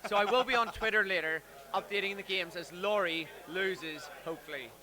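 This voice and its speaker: A man's voice: high-pitched, a little fast, bright, forceful tone, low-quality recording. A man appearing as a guest on a live stream, chatting eagerly with a self-mocking streak. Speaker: guest reporting tournament results. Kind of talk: casual live-stream chat.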